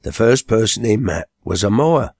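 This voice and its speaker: A man narrating an audiobook in a measured, plain storytelling voice. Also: on the low side, lively intonation, gravelly, darkish tone, husky, dry recording, clean studio sound. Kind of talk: scripted narration.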